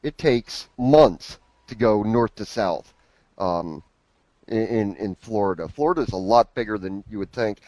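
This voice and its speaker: A man's voice: fairly low pitch, animated, unhurried, a little mellow, no echo, poor audio. A man from the United States chatting casually, hesitant and stumbling over restarts. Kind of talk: casual chat.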